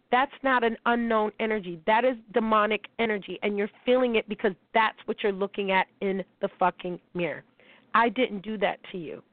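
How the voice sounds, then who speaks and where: A woman's voice: medium pitch, no echo. A woman hosting a podcast, delivering a blunt, heated, profane monologue. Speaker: podcast host. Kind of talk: emotional monologue. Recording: tinny phone-like sound.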